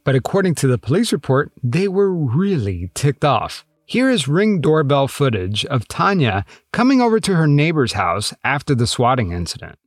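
A man hosting a true-crime podcast, reading scripted narration in a measured, pointed, lightly sarcastic way. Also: a little high, sing-song, dry recording, clean studio sound. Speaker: podcast host.

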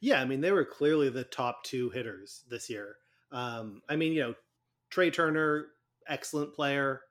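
A man's voice: medium pitch, normal speed, a bit bright. A man co-hosting a casual sports podcast, talking with many hesitations and fillers. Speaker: podcast co-host.

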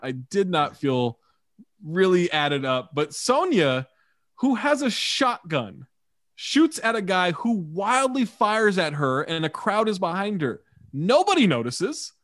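A man's voice: sits high, big pitch swings, slow pace, fairly bright tone, no echo, clean studio sound. A man hosting a casual movie chat, recapping the plot with wry remarks. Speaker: podcast host.

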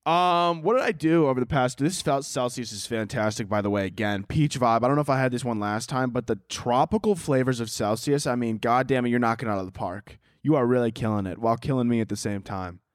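A man's voice: medium pitch, brisk, few pauses, no room sound, clean studio sound. A young man hosting a podcast, with a rambling, profane comic monologue, often laughing at his own jokes. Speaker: podcast host. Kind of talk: casual comedic monologue.

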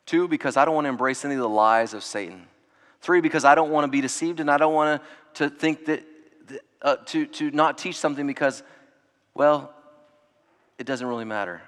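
A man preaching a sermon in an earnest way, dropping to hushed tones and rising to emphatic ones. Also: mid-range voice, long reverb tail. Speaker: pastor.

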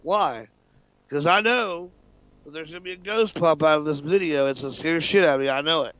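A man's voice: a little high, fairly quick, no room sound. A man co-hosting a casual radio talk show, telling a story with lots of laughter and swearing. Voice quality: animated, swearing, laughs often.

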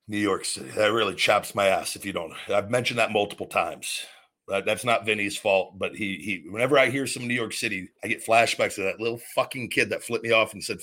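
A man's voice: fairly low pitch, brisk, pushed and bright. A man hosting a call-in show, telling stories bluntly and swearing freely. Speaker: podcast host taking callers. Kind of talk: casual profane storytelling.

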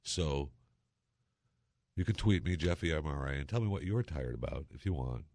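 A man's voice: a bass voice, lively intonation, quick pace, a little mellow, no room sound. A man hosting a casual talk monologue, chatty and sarcastic, full of exclamations and asides. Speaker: talk show host.

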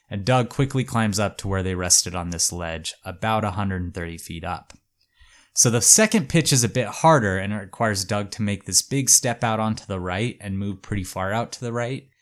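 A man hosting a podcast, casually telling a story with a relaxed, hedging manner and lots of fillers. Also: fairly low pitch.

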